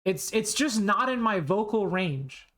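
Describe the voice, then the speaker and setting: During a casual live playthrough, a woman streamer comments on her game with a medium-pitched, expressive, slightly bright voice at a measured pace. She pokes fun at herself and frequently starts sentences over.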